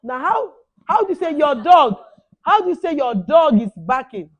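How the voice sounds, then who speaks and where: A woman's voice: high voice, big pitch swings, moderate pace, a little hiss or hum. A woman with an Igbo accent teaching a language lesson to children. She switches between English and Igbo and repeats short phrases for the pupils to echo back.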